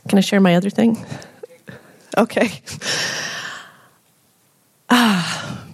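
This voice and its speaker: A woman's voice: mid-range voice, slow pace, breathy edge. Earnest woman sharing a church testimony. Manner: heartfelt, earnest, with frequent soft laughs. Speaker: congregation member sharing a testimony. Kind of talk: spoken testimony.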